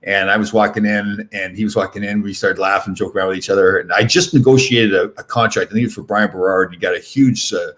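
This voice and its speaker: A man in his sixties, a former hockey player and podcast host, telling excitable anecdotes in a casual chat, full of restarts. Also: fairly low pitch, fast talker, few pauses.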